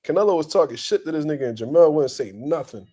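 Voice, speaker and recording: A young man hosting boxing talk, ranting bluntly and profanely in a casual, animated way and laughing often. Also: on the high side, fast talker. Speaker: boxing commentary host.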